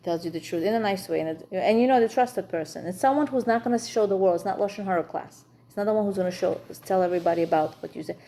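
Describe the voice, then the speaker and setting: A woman's voice: mid-range voice, fast talker, few pauses, dark tone, a little hiss or hum. A woman teaching an informal class for women on marriage, chatty and frank, with humor.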